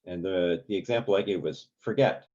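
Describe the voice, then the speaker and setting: A man leading a community songwriting workshop, talking in a relaxed, halting way with many ums and sung examples. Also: low voice, lo-fi sound. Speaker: songwriting teacher.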